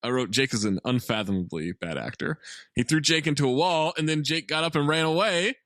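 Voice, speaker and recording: A man's voice: fairly high pitch, lively intonation, a little fast, a bit bright, no echo, clean studio sound. A man co-hosting a comedy podcast, wryly recapping a film and laughing often. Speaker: podcast co-host.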